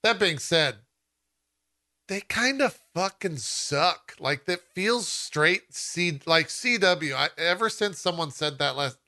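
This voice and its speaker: Casting: man with a very bright, sharp voice, a blunt co-host who swears often. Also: a little high, animated, slow pace. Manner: blunt, swears a lot, fragmented. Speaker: podcast co-host. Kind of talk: casual chat.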